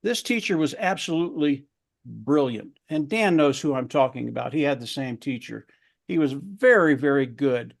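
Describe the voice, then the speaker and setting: A man's voice: medium pitch, expressive, normal speed, vocal fry. Earnest man telling a motivational story. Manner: earnest, repeats words for emphasis. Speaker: round table speaker.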